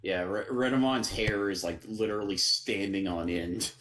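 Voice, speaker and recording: A man's voice: fairly low pitch, moderate pace, fairly bright tone, rough recording. A man co-hosting an anime podcast, talking easily with lots of fillers and frequent laughs. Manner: easygoing, hesitant with fillers, laughs often. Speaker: podcast co-host. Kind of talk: casual anime recap chat.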